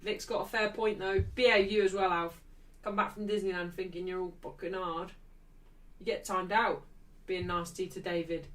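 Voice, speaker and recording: A woman's voice: fairly low pitch, steady tone, normal speed, far from the mic, rough recording. Sweary, ranting woman streamer. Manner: heavy swearing, ranting, addresses chat. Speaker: streamer hosting a football watchalong. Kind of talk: casual live-stream chat.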